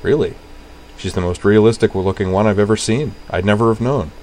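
A friendly border customs agent, voiced by a male narrator, asks his questions in a brisk, routine way. The voice sits a little higher and louder than the narration. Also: close to an everyday voice.

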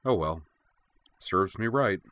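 Brief: man doing a gently teasing young warrior woman, low and clear. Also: expressive, slow, no room sound, full character voice. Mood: wry.

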